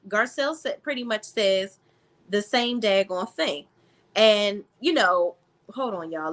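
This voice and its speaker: In this casual recap vlog, a reality TV reviewer breaks down an episode for her audience. Her voice is medium and a touch bright, and her commentary is sassy, crude and direct.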